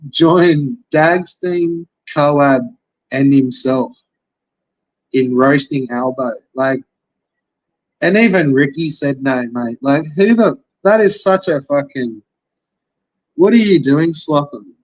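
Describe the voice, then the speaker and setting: A young Australian man rants in a loose commentary, his voice sitting a little high for a man. He swears all the time and keeps circling back to rhetorical questions. The sound is dry and close, with no room around it. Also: slow pace, pauses often, no echo, rough recording. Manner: profane, rambling, rhetorical questions. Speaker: commentary streamer. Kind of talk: casual commentary rant.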